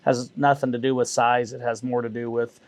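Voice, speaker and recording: Folksy auctioneer, measured speech. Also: male voice, medium pitch, flat delivery, a little mellow. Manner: measured, folksy, many uh fillers. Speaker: realtor and auctioneer. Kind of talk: interview answers.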